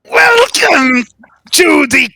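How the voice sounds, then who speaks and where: A man voicing a flamboyant male inquisitor in a tabletop game, booming and swooping through his lines. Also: big pitch swings, drawn-out words, creaky, bright, forceful tone, no echo, exaggerated voice. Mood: grandiose. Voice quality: booming, swooping theatrical delivery. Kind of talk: tabletop role-play voicing.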